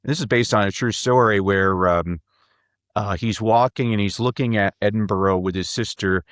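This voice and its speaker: A man's voice: fairly low pitch, normal speed, a bit bright, dry recording, studio quality. A man guesting on a podcast, telling stories with enthusiasm, often repeating his first words before a sentence gets going. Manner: enthusiastic, repeats words when starting sentences, acts out quotes. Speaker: guest, speaker and professor. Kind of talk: animated podcast storytelling.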